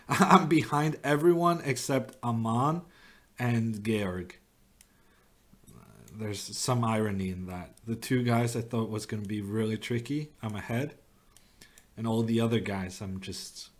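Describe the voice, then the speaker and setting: Guy streaming chess, talks slow, mid pitch, muses out loud and pokes fun at himself. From Norway. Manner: thinking aloud, wry self-mocking. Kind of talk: live chess commentary.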